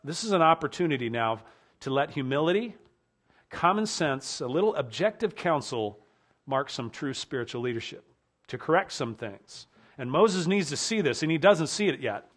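A male pastor preaching a sermon earnestly, often dropping low and quiet to stress a point. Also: lively intonation, moderate pace.

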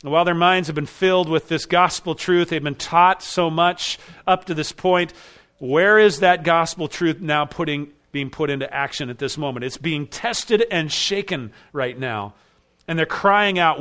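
A man's voice: a little high, fairly bright tone. A man preaching an expository sermon with emphatic rising bursts. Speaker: pastor.

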